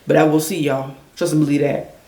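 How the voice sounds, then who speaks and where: A woman angrily venting a story on a livestream, talking loud, blunt and full of profanity. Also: low-pitched, flat delivery, a little fast, echoey room.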